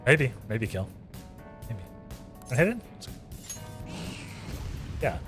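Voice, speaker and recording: With a medium-pitched, somewhat bright voice, an American streamer drawls out his words in a sing-song way. He rambles and repeats himself in casual asides to his live chat while gaming, as faint music plays behind him.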